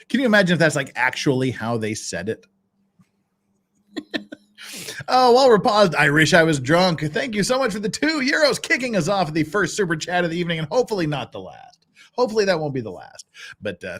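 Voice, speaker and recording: A man's voice: on the high side, fairly bright tone. A man commentating on a live stream, joking and sarcastic, cursing now and then, thanking viewers. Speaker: streamer reacting to trial footage.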